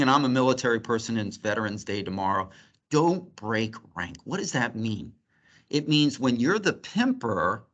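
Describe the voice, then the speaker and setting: Middle-aged male doctor, teaching tone, keeps it light and funny. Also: medium pitch. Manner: lively, joking teaching tone. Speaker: physician lecturer. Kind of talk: grand rounds lecture.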